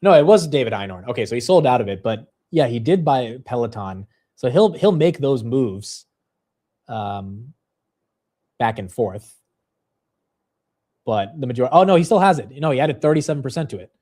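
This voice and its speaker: A man's voice: mid-range voice, very animated, mellow. A young man hosting a live stock market stream, chatting casually and laughing at himself. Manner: self-deprecating, quick-shifting, laughs at himself.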